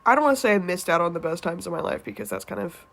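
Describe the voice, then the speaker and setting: A woman's voice: lowish voice, sing-song, rapid-fire, slight background noise. Rambling young woman telling a story. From United States. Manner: rambling, lots of "like" fillers, swears freely, laughs often. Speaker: gaming streamer. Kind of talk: casual storytelling while playing a game. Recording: game sounds and hoofbeats under the voice.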